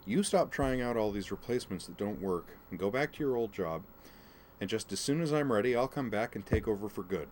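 A man's voice: lowish voice, lively intonation, a little mellow, slight background noise, natural voice. A man reading aloud, voicing a confident young woman officer who speaks bluntly and with determination. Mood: playful. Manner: brisk, frank, determined.

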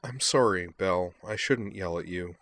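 A man's voice: deep voice, moderate pace, a bit bright. A man reading a frustrated young woman's lines in a story, lifting his voice a little for her.

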